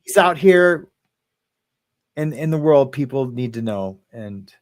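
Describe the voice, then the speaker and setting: A man's voice: medium pitch, expressive, no echo. Rambling laughing male co-host. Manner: rambling, laughs often, halting restarts. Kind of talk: casual chat.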